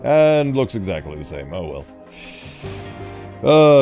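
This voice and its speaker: Brief: male gaming commentator, slow and drawn out, playful grandiose asides over light music. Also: lowish voice, animated, darkish tone. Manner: theatrical, mock-grand asides. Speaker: gaming YouTuber. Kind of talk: casual gameplay commentary.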